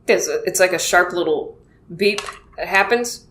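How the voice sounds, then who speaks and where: A woman's voice: fairly low pitch, normal speed, fairly bright tone. Chatty woman in an echoey room. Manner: chatty, self-deprecating, acts out quoted exchanges. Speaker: comedian podcast host. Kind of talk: casual rambling monologue. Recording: echoey room with faint noise.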